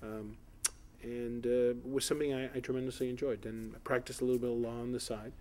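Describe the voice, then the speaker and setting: A man's voice: medium pitch, little pitch movement, a little fast, mellow. A middle-aged man from South Florida, a political candidate answering questions in an editorial board interview, rambling with many fillers and restarts.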